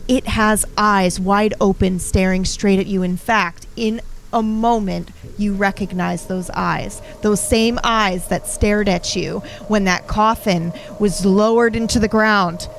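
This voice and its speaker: A woman's voice: mid-range voice, fairly even intonation, unhurried, few pauses, a little hiss or hum, rough recording. A woman game master narrating a tabletop horror game, with hesitant restarts. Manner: hesitant, restarts while describing.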